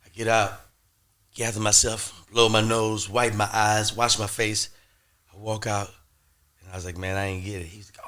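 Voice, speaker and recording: Bright-voiced man telling an animated story. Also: lowish voice, brisk. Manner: lively, acts out both sides of phone calls. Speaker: podcast host.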